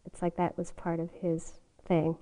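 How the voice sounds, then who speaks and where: A woman's voice: fairly low pitch, monotone, normal speed, mellow, low-quality recording. Older woman telling a story with laughs. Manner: laughing often, storytelling with quoted asides. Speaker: meditation teacher. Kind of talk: dharma talk, personal story. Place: meditation retreat hall.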